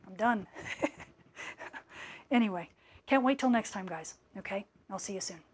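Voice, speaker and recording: A woman's voice: medium pitch, expressive, normal speed, a little mellow, a little hiss or hum. A middle-aged woman hosting a live-stream Q&A, gushing with enthusiasm and thanks to viewers, her voice worn out after hours of talking. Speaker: space weather scientist hosting a live Q&A. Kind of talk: live-stream chat reading viewer comments.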